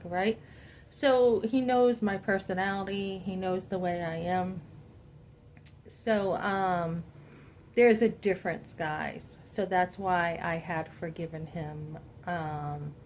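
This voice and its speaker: A woman's voice: mid-range voice, slight background noise. Woman telling her story, lo-fi sound. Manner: animated, quotes herself and others in dialogue, addresses listeners directly. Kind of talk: candid personal testimony to camera.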